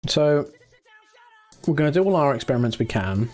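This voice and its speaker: A relaxed man casually commentating his own space game, chatty with mild swearing, into a desk mic at his computer. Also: a little high, normal speed. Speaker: gaming channel host.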